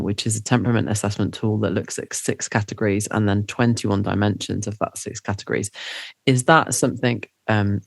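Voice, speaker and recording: A man's voice: on the low side, no room sound. A man hosting a dog podcast, asking his guest thoughtful questions about training. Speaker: podcast host. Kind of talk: podcast interview conversation.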